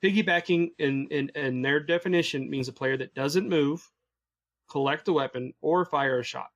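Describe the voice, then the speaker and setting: A man with a slightly high voice walks his co-hosts through a news item on a gaming podcast. He is relaxed and patient, restating the points plainly. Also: normal speed, muffled recording. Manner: explains patiently, relaxed and matter-of-fact. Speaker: podcast co-host covering the news. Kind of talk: casual podcast chat.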